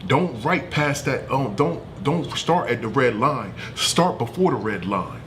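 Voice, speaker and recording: A man's voice: medium pitch, expressive, measured pace, a bit bright, slight background noise. A man imitating a strict scolding mother. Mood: bossy. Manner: bossy, instructing.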